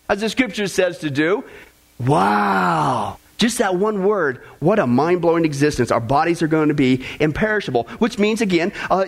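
Man, pastor, sermon, very high voice, animated, joking, church congregation. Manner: animated, joking, laughs at own jokes.

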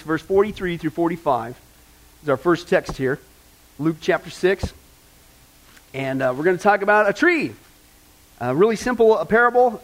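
A man preaching a sermon as pastor, animated, asking the congregation questions and acting out the voices in a joke. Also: high-pitched.

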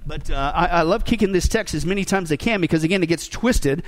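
A male preacher delivers a sermon with a noticeably high voice. He is emphatic, pauses to quiz the congregation with quick questions, and breaks in with wry jokes. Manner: emphatic, rhetorical questions to the congregation, joking asides. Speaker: pastor.

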